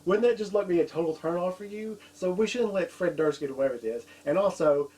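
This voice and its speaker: A man's voice: high-pitched, brisk, dark tone, distant mic, low-quality recording. A man co-hosting a casual horror-film review, talking in a wry, complaining way. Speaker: co-host reviewing horror films. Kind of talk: casual chat.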